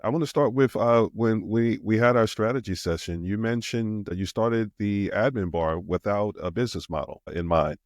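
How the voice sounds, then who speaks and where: A man with a New York accent hosting a podcast interview, with a smooth, radio-style delivery and an upbeat, welcoming manner. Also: fairly low pitch, normal speed, hardly any pauses, no echo, studio quality. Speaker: podcast host.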